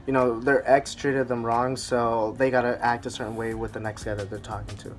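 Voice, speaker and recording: Casting note: young male guest, mid-pitched, laid-back and reflective, soft music faintly behind. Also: brisk. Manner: relaxed, reflective, many "you know" fillers. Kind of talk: casual chat.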